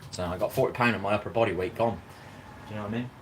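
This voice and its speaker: A man's voice: fairly low pitch, rapid-fire, a bit bright, slight background noise. A man talking in a rambling, casual live-stream monologue, constantly asking "do you know what I mean". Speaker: vlogger. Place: outdoors in a park.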